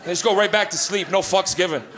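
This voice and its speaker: A man in his thirties from Canada doing a stand-up comedy set in a club, telling stories in a profane, animated way. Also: high-pitched, fast talker, a crowd in the background. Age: 30s. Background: live audience laughter.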